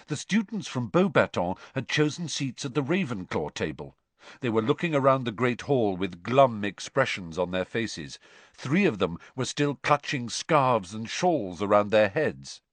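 A man narrating an audiobook chapter in a measured, expressive storytelling manner. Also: mid-range voice, dry recording. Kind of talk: scripted narration.

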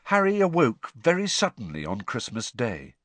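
A man with a mid-range voice narrates a scripted audiobook at a moderate pace in an expressive storytelling style. The recording is dry.

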